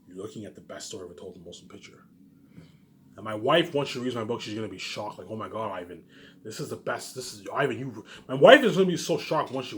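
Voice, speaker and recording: A man's voice: on the low side, slight background noise. A man vlogging from home in a rambling, boastful monologue, often repeating himself and restarting. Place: home, noise upstairs.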